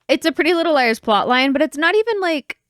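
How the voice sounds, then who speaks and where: A woman co-hosting a podcast, reacting in casual chat with an animated, swearing manner. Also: sits high, quick pace, dry recording, studio quality. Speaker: podcast co-host.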